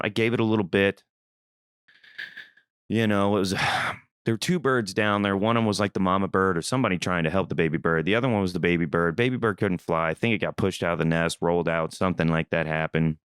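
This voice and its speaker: A young man from Missouri hosting a podcast, telling a rambling, animated story in a casual, swearing manner. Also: low-pitched, brisk, clear, resonant tone, no echo, studio quality. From Missouri, USA. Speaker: podcast host.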